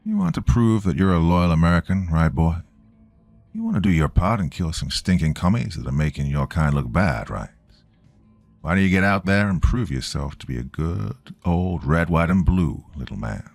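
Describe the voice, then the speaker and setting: A man's voice: low voice, big pitch swings, normal speed, darkish tone, dry recording, faint music behind, heavily acted. A man voicing a bullying, bigoted male navy captain who taunts a young sailor. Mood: contemptuous. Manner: sneering, taunting.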